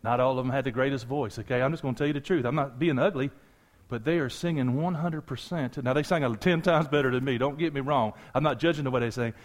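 A man preaching a sermon as pastor, animated and conversational, talking straight to his congregation with asides and jokes. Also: mid-range voice, fast talker.

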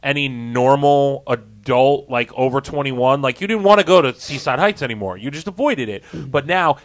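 A man's voice: mid-range voice, moderate pace. A man hosting a casual comedy podcast, rambling and chuckling as he talks.

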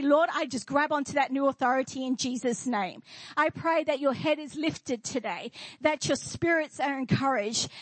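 A woman's voice: sits high, no room sound, low-quality recording. A woman pastor preaching a sermon in church, declaring and asking the congregation questions.

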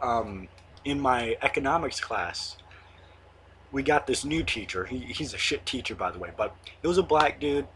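A man's voice: mid-range voice, background noise. Rambling teenage guy hosting his own show. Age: late teens. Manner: rambling, filler-heavy, swears casually. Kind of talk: casual monologue to camera.

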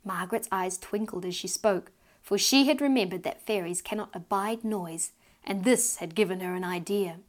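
A woman reading her own storybook aloud with gentle, expressive storytelling. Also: mid-range voice, moderate pace. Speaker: author and narrator.

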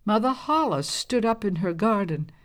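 A woman reading a storybook aloud with calm, measured, expressive narration. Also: mid-range voice.

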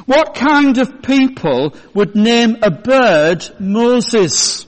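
A man's voice: extremely high pitch, animated, drawn-out words, heavily acted. A man voicing a nervous male burglar in a joke told during a sermon. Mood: startled. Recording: long church reverb.

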